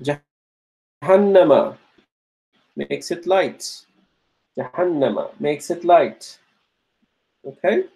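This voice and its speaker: A male teacher slowly working through grammar exercises in class, repeating each answer and checking in with the students. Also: fairly high pitch, lively intonation, vocal fry, darkish tone, poor audio. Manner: slow and repetitive, restates each answer; checks in with "okay?" and "right?".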